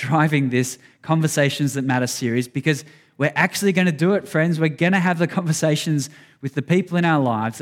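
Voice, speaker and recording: A man preaching a sermon, earnest and conversational, speaking straight to his congregation. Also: fairly high pitch. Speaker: pastor.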